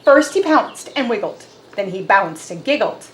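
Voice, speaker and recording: A woman reading a picture book aloud to children as an animated, expressive storyteller. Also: mid-range voice, normal speed, roomy sound.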